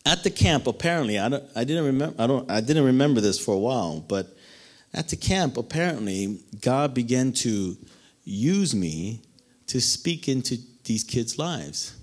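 Animated man preaching with lively pitch. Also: normal speed. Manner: animated storytelling with acted-out voices. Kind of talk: sermon.

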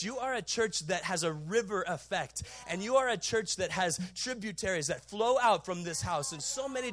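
A middle-aged male pastor preaching a sermon, telling a story in an animated way with loud bursts and laughs. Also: high voice. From Southern California. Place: large church auditorium.

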